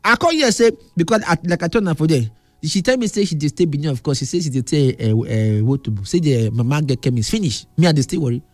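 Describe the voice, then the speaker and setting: A middle-aged man with a Nigerian Pidgin accent animatedly tells a personal story in casual chat, repeating words and acting out what others said. His voice is a little high, he talks fast, and the recording is dry.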